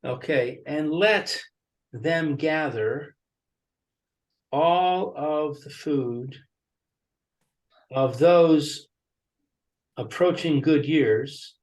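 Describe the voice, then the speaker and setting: A man with a fairly high voice reads a text aloud, phrase by phrase, at a slow pace. He hesitates and stumbles over the words. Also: darkish tone. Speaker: study partner reading the text. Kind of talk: text study reading.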